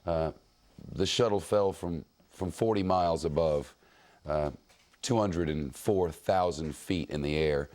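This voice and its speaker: A man anchoring live breaking news coverage in a somber, deliberate way, with some fillers. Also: low voice, a little mellow.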